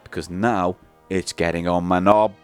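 A man's voice: low voice, steady tone, smooth, soft background music. Sarcastic man bantering. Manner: bossy, sarcastic, quick to needle. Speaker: podcast co-host. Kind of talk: comic podcast banter.

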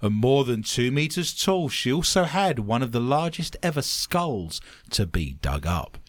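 A man's voice: medium pitch, unhurried, no room sound. A man hosting a comedic podcast, joking and reading odd news stories aloud. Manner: jokey, animated, reads news stories aloud. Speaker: podcast host.

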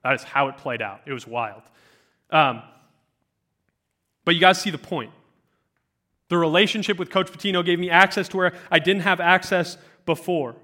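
A man in his twenties giving a youth sermon, telling stories to high schoolers with lots of fillers and animated asides. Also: moderate pace, pauses often. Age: 20s. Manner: animated storytelling, many fillers. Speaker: youth speaker.

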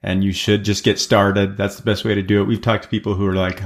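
A man's voice: deep voice, little pitch movement, brisk. A man guest on a talk show, describing his event in a direct, encouraging way. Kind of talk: casual interview.

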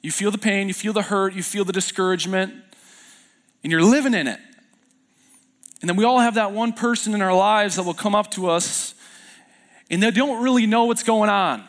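This young pastor's voice is high-pitched, and he moves at a moderate pace broken by long pauses. Preaching in a church sanctuary, he spins stories in a relaxed, self-mocking way, stumbling over fillers and starting sentences again.

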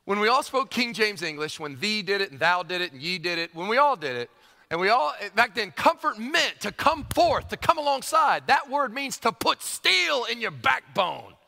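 Male preacher, high bright voice with big swings in pitch, emphatic delivery, long hall reverb. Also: moderate pace. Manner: emphatic, animated, repeats phrases for effect. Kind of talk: sermon.

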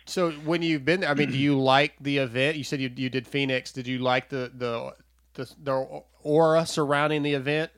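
A man's voice: medium pitch, steady tone, normal speed, fairly bright tone, no room sound, clean studio sound. A man hosting a casual interview, chatty and prone to stammering restarts. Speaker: podcast host. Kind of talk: casual interview over a call.

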